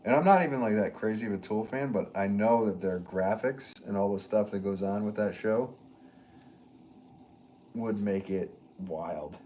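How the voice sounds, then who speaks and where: A man's voice: fairly low pitch, moderate pace, warm tone, slight background noise. A man hosting a pottery live stream, chatting casually and reading viewer comments in an easygoing, rambling way that often trails off into a chuckle.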